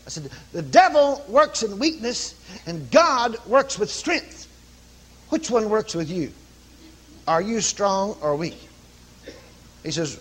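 Male preacher, high husky voice, lively storytelling sermon. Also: moderate pace, pauses often. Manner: animated, rising to loud commanding calls.

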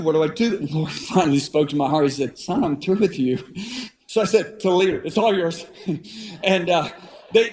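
A man with a very high speaking voice delivers a sermon as a dramatic story. He acts out the people he quotes. His delivery swings from hushed to shouted. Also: a little hiss or hum. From Italian-American. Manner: shifts between hushed and shouted. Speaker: preacher.

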